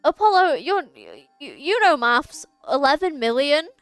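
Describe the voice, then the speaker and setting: Young female game streamer, bright high register, casual and self-mocking, soft music underneath. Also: animated, unhurried, no room sound. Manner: chatty, stumbles over long words, laughs at herself. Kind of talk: casual chat while reading game dialogue aloud. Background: faint game music.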